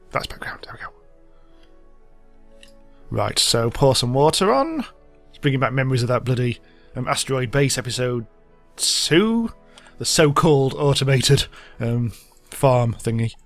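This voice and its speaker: A man hosting a let's play, giving rambling, self-mocking commentary as he thinks aloud. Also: medium pitch. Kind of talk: casual gameplay commentary.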